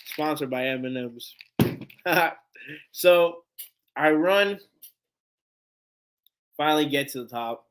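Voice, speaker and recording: A man hosting a live fan stream, telling a story in a casual, animated, rambling way, swearing freely and laughing as he goes. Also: fairly high pitch, slow, pauses often. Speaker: sports fan show host.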